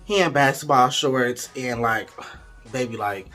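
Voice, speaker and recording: A man's voice: medium pitch, measured pace, a bit bright, soft background music. A young man in casual storytime mode, chatty and candid, talking straight to his viewers. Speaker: vlogger.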